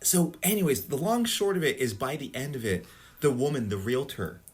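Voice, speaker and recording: Husky guy on a podcast, tells stories and acts out the bits. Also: mid-range voice, normal speed. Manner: animated storyteller, acts out scenes. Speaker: podcast co-host. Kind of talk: casual chat.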